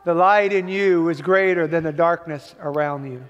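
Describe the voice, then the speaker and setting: A man's voice: a little high, moderate pace, smooth, muffled recording. A man preaching a sermon as pastor, emphatic and urging the congregation on, heard in a church sanctuary. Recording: long reverb of a large hall.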